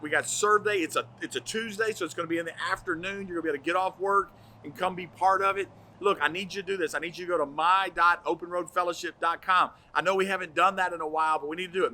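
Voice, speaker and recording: A man's voice: sits high, sharp tone, a little hiss or hum. A man, a pastor giving enthusiastic, chatty church announcements in a folksy way. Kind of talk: casual church announcements video.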